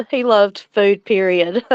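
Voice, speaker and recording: An older woman from Louisiana hosting a casual livestream chat, speaking slowly and tenderly with soft chuckles, tearful at times. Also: mid-range voice, smooth, no room sound, lo-fi sound. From Louisiana, USA. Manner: slow, tender, chuckling between lines. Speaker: livestream host.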